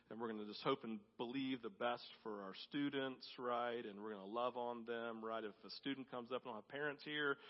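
Give me a man preaching in a reverberant church, his voice dull and muffled. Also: mid-range voice. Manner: builds to loud emphatic peaks, then drops to soft intimate tones. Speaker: pastor. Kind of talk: sermon. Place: church sanctuary. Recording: dull audio with long hall reverb.

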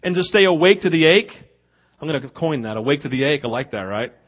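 A man preaching in a high voice, animated and expressive, jumping into playful little impressions before dropping low and intimate. The sound is a bit dull and lo-fi. He sounds like a pastor speaking to his congregation. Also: fast. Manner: animated preaching, acting out voices and rising to loud emphasis. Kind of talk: sermon.

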